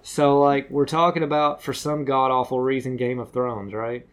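A man's voice: mid-range voice, little pitch movement, moderate pace, a little hiss or hum. A man co-hosting a podcast, chatting casually with crude jokes and banter. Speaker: podcast co-host.

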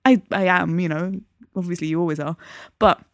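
A woman's voice: on the low side, steady tone, fairly quick, no room sound, clean studio sound. A woman, co-hosting a podcast and telling stories with feeling. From England. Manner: chatty, emotional storytelling. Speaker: podcast co-host. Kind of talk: casual chat.

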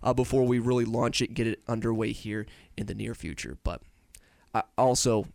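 A man's voice: medium pitch, fairly even intonation, a little fast, vocal fry, a little mellow, dry recording, studio quality. A young man co-hosting a casual podcast on a headset, upbeat and joking, rambling with restarts. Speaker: podcast co-host.

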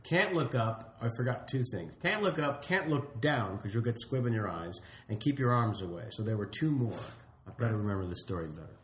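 A middle-aged man telling stories in a casual chat, acting out lines with lively comic emphasis. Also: lowish voice, fairly quick, few pauses. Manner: animated storyteller, acts out lines with comic emphasis. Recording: roomy echo with faint noise.

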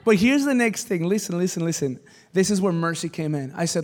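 A man with a high voice preaches to a church congregation. He tells a personal story in an animated, joking way, bursting into loud exclamations and then dropping to quiet, serious asides. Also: brisk, slight background noise. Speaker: pastor. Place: church service before a congregation.

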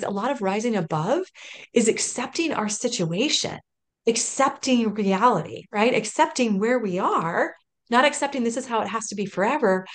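A woman in her thirties telling a personal story in an interview, earnest and emotional, often restarting sentences and laughing. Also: a little high. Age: 30s. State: close to tears at moments. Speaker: podcast guest.

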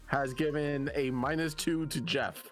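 A man acting as game master of a tabletop game, reading out rolls and halting with "uh" and "um" as he checks numbers. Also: a little high, fairly even intonation, faint music behind. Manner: halting, fills pauses with "uh" and "um" while checking rolls. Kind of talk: running a tabletop game over voice chat.

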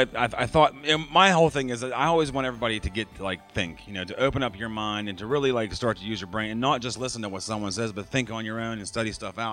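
A man's voice: fairly low pitch, a bit bright. A man preaching a sermon to his church congregation in a conversational way, often checking in with "right?" and using fillers. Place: church sanctuary.

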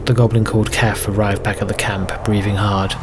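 A man narrating a solo tabletop game as game master, with steady, even storytelling. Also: on the low side, fairly quick, noisy background. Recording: music bed under narration.

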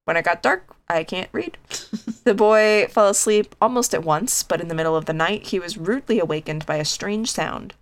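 A podcast co-host with a somewhat low voice reads a spooky children's tale aloud. She is casual and animated, and she stretches the ghostly lines into slow groans. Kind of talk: casual chat reading a scary story aloud.

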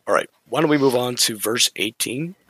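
A man's voice: mid-range voice, moderate pace, fairly bright tone, slightly rough, dry recording, rough recording. A man co-hosting a casual Bible study podcast, talking things over and reading scripture aloud with shifting inflection. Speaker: podcast co-host.

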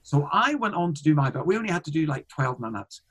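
A man's voice: fairly high pitch, sing-song, fast, a bit bright, breathy edge, rough recording. A man, a comedian, telling a story in a casual interview, rambling with frequent restarts and fillers. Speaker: guest, comedian.

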